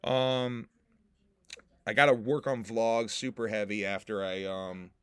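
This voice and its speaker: A man's voice: on the low side, fairly even intonation, unhurried, smooth, no echo. A man hosting a casual livestream podcast, joking with his chat, laughing often and swearing freely. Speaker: podcast host and rapper.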